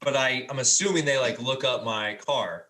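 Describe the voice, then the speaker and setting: A man's voice: mid-range voice, moderate pace, over a noisy crowd. Laid-back man hosting a sports podcast. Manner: jokey, loose, many ums and restarts. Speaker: podcast host. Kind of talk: casual podcast chat.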